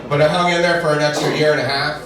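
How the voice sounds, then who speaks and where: A man performs stand-up in a club, spinning stories casually and hitting punchlines hard. His voice sits a little high and is heard from some distance off the mic. The room rings with heavy echo and a crowd laughs along. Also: fairly even intonation, quick pace. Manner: conversational storytelling, shouts punchlines. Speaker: stand-up comedian. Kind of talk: stand-up comedy set. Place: comedy club stage before a live audience. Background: audience laughing.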